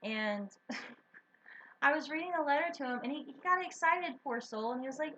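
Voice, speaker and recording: A woman co-hosting a casual stream chat, telling stories in an animated way and laughing often. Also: sits high, fairly quick. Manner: giggly, animated storyteller. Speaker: co-host. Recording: dull lo-fi stream audio with faint hiss.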